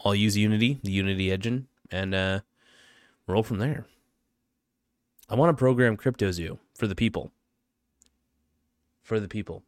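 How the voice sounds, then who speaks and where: A man with a low, smooth voice muses aimlessly and offhandedly in a solo vlog monologue, drifting from thought to thought without much shape. He talks at a moderate pace with long pauses, and the recording is dry and close, with no room sound.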